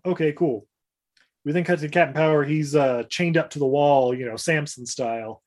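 A man in a casual podcast chat, retelling a TV episode scene by scene with loose fillers, frequent laughs and quick mock voices for the characters. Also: on the high side. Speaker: podcast co-host recapping a TV episode.

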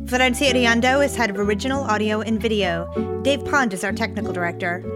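A woman reading a podcast's closing credits in a brisk, even way. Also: mid-range voice. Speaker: show's editorial host. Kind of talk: scripted credits read. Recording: loud guitar music bed.

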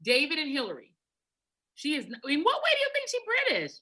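A woman's voice: high-pitched, huge pitch swings, fast talker, pushed and bright. A woman in casual chat, emphatic and insistent, who laughs often.

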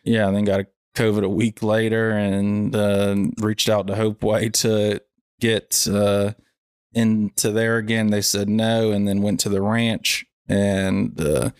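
Young male podcast host, low and even-toned, halting with many fillers, clean dry sound. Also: clear, resonant tone, no room sound. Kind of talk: casual reflective chat.

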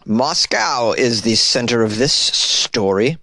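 A man's voice: expressive, slow, pushed and bright, dry recording. A man doing comic news commentary, reading headlines aloud and mocking them with sarcastic, wry asides. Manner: sarcastic and wry, with sudden incredulous jumps in pitch.

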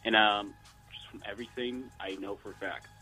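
A man's voice: on the low side, steady tone, a little fast, pushed and bright, soft background music, rough recording. A man calling in to a talk show, giving his opinions in a hesitant, hedging way. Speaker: caller. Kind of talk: casual call-in chat. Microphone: phone.

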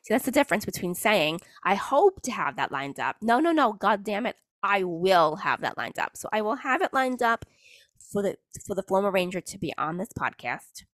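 With a medium pitch, big swings in intonation, and a fairly bright tone, a woman talks fairly quickly through her solo podcast. She's casual and rambling, repeatedly interrupting herself to begin sentences again, recorded dry with clean studio sound.

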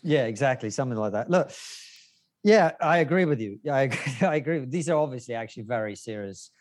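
A man's voice: mid-range voice, expressive, fast. A man from Russia, a guest on a podcast, chatting casually with dry, wry jokes.

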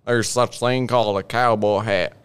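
A man's voice: on the low side, steady tone, moderate pace, fairly bright tone, clear, resonant tone, close to an everyday voice. A man voicing a folksy male cowboy salesman in an improvised mock commercial, with a mild drawl.

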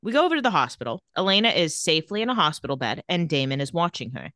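Recap co-host, woman, crisp bright tone, dry close sound, casual chat. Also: low voice, no echo. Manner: retells scenes quickly, reading out dialogue in a flat voice. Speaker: podcast co-host.

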